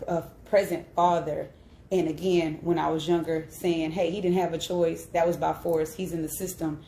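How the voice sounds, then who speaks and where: A woman's voice: lowish voice, warm tone, roomy sound, slight background noise. A woman in her thirties sharing a personal story on a live stream, candid and emphatic, often checking in with "right?". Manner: candid and emphatic, with frequent "right?" tag questions. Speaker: host.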